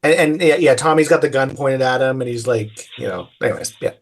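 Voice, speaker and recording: A man's voice: mid-range voice, fairly quick, a loud crowd. A man chatting casually as a podcast guest, easygoing and rambling, laughing easily. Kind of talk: casual film discussion chat.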